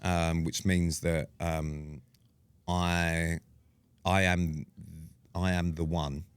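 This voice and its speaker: A man's voice: sits low, flat delivery, drawn-out words, smooth, no room sound. A man co-hosting a podcast, teasing his co-host in casual banter. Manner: teasing, mock-stern.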